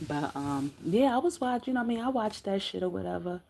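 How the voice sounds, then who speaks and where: A middle-aged woman giving casual, profane commentary as a streamer, loud and laughing, full of slang as she tells stories. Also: medium pitch, expressive, a little fast, gravelly, a little hiss or hum. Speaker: streamer commenting on street interview channels.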